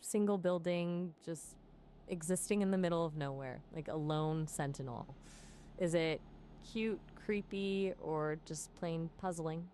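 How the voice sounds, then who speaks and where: A woman's voice: on the low side, measured pace, dark tone, a little hiss or hum. A synthetic woman's voice acting as an AI companion, chatty and full of playful quips. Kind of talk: conversational AI chat.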